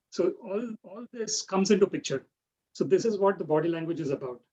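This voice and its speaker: A man with a slightly high, somewhat mellow voice runs an online public speaking workshop, walking through each step and frequently checking in with "right?". He's heard through a video call microphone, and the audio has that dull, lo-fi video call quality.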